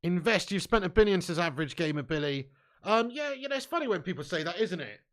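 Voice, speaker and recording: A high-pitched man hosting a live match watch-along, his tone sharp and bright. He curses freely and lurches between muttered grumbles and loud, excited shouts. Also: fast. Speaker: fan watch-along host.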